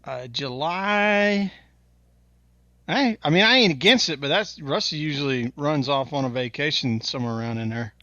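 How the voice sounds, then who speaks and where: A man's voice: on the high side, normal speed, no echo, dull audio. A man co-hosting a casual podcast, telling stories with lots of laughter. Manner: laughing, animated storyteller. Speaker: podcast co-host. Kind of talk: casual chat.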